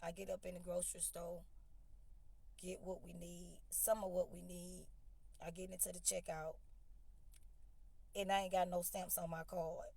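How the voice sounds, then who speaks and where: A woman's voice: on the low side, level tone, moderate pace, gravelly, pauses often, mellow, breathy edge. Lady venting straight to camera, cussing, dry sound, no room echo. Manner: blunt, swearing, talks to viewers as y'all. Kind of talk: casual phone vlog rant.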